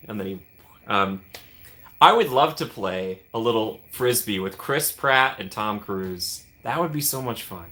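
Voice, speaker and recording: A man's voice: mid-range voice, expressive, slow, sharp tone. A man hosting a casual livestream, rambling and chatty, laughing often and thanking viewers by name. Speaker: livestream host.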